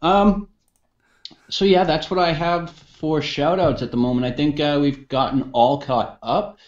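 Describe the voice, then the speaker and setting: Man from the US, friendly, upbeat, higher voice, echoey, muffled. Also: steady tone, measured pace. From United States. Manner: upbeat, friendly shout-outs. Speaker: co-host. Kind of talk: casual live-stream chat.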